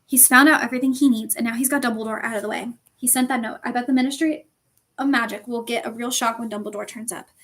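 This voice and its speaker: A woman's voice: on the high side, steady tone, quick pace, fairly bright tone. A woman reading the part of a determined young schoolboy who speaks urgently and insistently.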